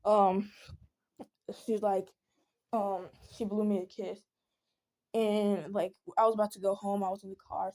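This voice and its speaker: A woman's voice: mid-range voice, warm tone. Young woman rambling through a storytime. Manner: rambling, with many fillers and restarts. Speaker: vlogger. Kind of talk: casual storytime venting.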